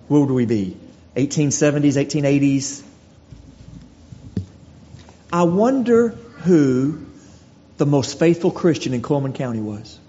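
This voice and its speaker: A man preaching a sermon, earnest and full of rhetorical questions, dropping to quiet, slow lines for emphasis. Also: a little high. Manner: earnest, rhetorical questions, slows and drops to near-whisper for emphasis. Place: church sanctuary. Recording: dull recording with long hall reverb and faint noise.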